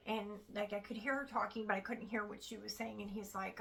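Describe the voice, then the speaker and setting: A woman's voice: medium pitch, steady tone, a little fast, vocal fry, background noise. A woman in her thirties telling a frustrated personal story to camera, acting out what others said along the way. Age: 30s. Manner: frustrated, retelling with quoted dialogue. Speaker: vlogger. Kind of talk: casual storytime vlog.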